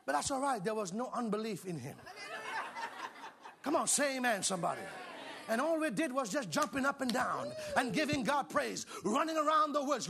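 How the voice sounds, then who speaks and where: High, bright shouting preacher man. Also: lively intonation, normal speed, creaky. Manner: exuberant, shouting, laughing, call-and-response. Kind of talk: sermon.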